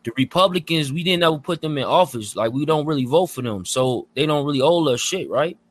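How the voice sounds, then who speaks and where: A man's voice: fairly high pitch, lively intonation, a little fast. A man in a casual chat, speaking in a laid-back way and often agreeing with short replies.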